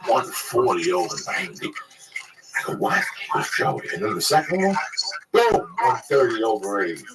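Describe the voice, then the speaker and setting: Man, from Cuba, profane animated storyteller, distant mic, noisy recording. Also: on the low side, normal speed. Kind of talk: casual profane chat. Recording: distant mic, loud background noise.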